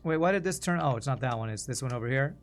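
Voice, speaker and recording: A man streaming a puzzle game in a relaxed, musing way, whose sentences often trail off quietly. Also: mid-range voice, fast talker. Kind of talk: casual gameplay commentary.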